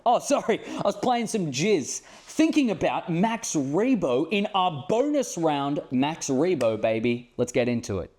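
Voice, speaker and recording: Man, co-host, goofy jokey banter, fairly high voice, very lively pitch. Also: measured pace, few pauses. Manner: jokey, goofy, playful asides. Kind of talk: comedic casual banter.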